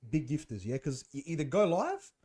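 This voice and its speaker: A young man, a guest on a podcast, telling animated stories in slangy casual chat. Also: fairly high pitch, moderate pace. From Australia. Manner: animated storytelling, slangy, says bro and man.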